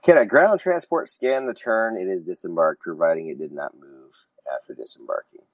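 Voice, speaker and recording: A deep-voiced man with a cold hosts a casual podcast, reading rules questions aloud and tossing in sarcastic asides. The sound is dry and close, with no room around it. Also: wildly swooping pitch, normal speed, no room sound, low-quality recording. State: has a cold. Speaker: podcast host.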